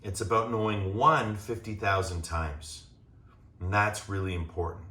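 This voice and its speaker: A man teaching a gentle yoga class, guiding calmly as he demonstrates the poses and checking in with the class as he goes. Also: fairly low pitch, a little slow, recorded from a distance. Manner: calm, demonstrating as he talks, checks in with "right?". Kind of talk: guided yoga class instruction. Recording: echoey room, voice off-mic.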